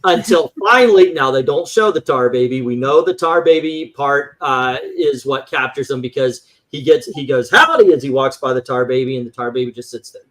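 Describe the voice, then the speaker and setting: A man's voice: mid-range voice, fairly quick, hardly any pauses, slight background noise. A man talking in a casual livestream chat, ranting animatedly and acting out voices as he tells a story. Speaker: livestream co-host.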